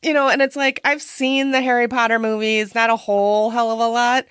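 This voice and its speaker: A woman co-hosting a podcast in casual chat, animated and expressive and quick to laugh. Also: fairly high pitch, clear, resonant tone, no echo, clean studio sound. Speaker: podcast co-host.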